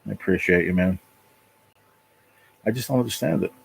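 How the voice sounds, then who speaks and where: A man hosting his own livestream from his apartment, talking casually and emotionally in a halting, repetitive way with a lot of swearing. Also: deep voice, gravelly, slightly rough, low-quality recording. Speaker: livestream channel host. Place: apartment at home.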